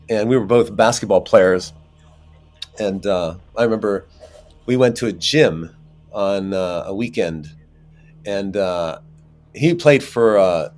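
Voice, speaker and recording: A man being interviewed as an actor, telling rambling, animated anecdotes with many fillers. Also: lowish voice. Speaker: actor guest. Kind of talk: casual interview storytelling.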